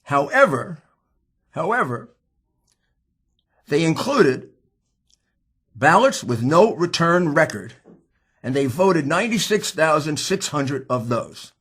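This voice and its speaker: A man with a husky voice giving an impassioned, combative political speech, pushing hard on key words. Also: a little high, sing-song, takes it slowly, long pauses. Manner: emphatic, combative, rising to shouts. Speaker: speaker at a political hearing.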